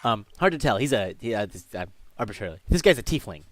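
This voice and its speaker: A man's voice: lowish voice, sing-song, fast talker, a bit bright, dry recording. Man narrating as game master, dry sound. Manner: rambling, many fillers and restarts while describing scenes.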